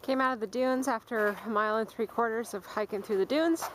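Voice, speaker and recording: A woman's voice: fairly high pitch, fairly quick. A woman narrating her hike on camera, chatty and calling out to her dogs, recorded outdoors on a trail with a handheld camera mic. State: panting. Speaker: vlogger filming a hike. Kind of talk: casual hiking vlog narration. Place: outdoors on a forest and dune trail. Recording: outdoor camcorder audio with steady background noise.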